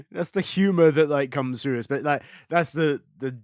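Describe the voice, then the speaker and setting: A young man co-hosting a podcast in casual chat, laughing often and dropping into low mumbles to act out quotes. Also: a little slow, a little mellow, no room sound. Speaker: podcast co-host.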